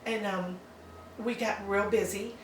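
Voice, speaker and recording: A woman's voice: medium pitch, fairly even intonation, unhurried, distant mic, noisy background. A woman in her fifties telling her story in a casual interview, hesitant and rambling, with lots of ums. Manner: rambling, hesitant, many ums and likes, laughs often. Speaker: adoptive mother, interview guest. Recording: roomy echo, from off-mic, faint ambience.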